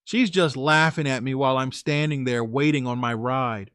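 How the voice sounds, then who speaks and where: A man's voice: medium pitch, moderate pace, few pauses, a bit bright, clear, resonant tone, no echo, clean studio sound. A man hosting a story channel, narrating in the first person and then giving casual, plain-spoken advice. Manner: conversational, plain-spoken, with fillers and restarts.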